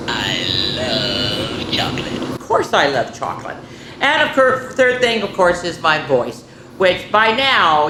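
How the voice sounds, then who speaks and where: A woman's voice: on the low side, background noise. A woman hosting a children's story time, talking in a cheerful, playful way straight to young listeners before reading a picture book aloud. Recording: roomy echo.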